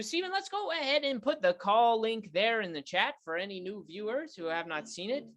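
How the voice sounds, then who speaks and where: A woman hosts a spoof paranormal call-in show in a slightly high voice. She leans into a hammy, theatrical announcer delivery. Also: a bit bright. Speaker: comedy talk show host.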